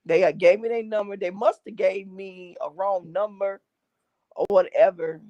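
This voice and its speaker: A woman, a guest gospel artist, telling a long story in an animated way and acting out the voices in it. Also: medium pitch, normal speed, no room sound, highs cut off. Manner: lively, acts out voices in her stories.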